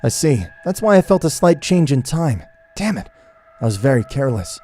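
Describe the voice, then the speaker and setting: A man voicing an earnest, excitable young male warrior hero who has been reborn with his memories. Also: medium pitch, normal speed, soft background music.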